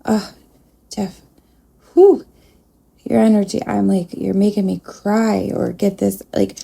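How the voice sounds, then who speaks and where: A psychic medium speaks softly during a spirit communication session, pausing now and then to address an unseen presence. Her mid-range voice is gravelly and husky, with little pitch movement.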